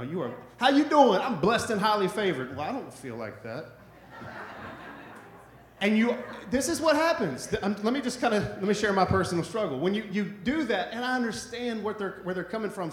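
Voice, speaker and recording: A male pastor with a high voice delivers a sermon in a relaxed, conversational way. He keeps checking in with the congregation with "right?". The sound is roomy and echoey. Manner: conversational, repetitive, asks "right?" often.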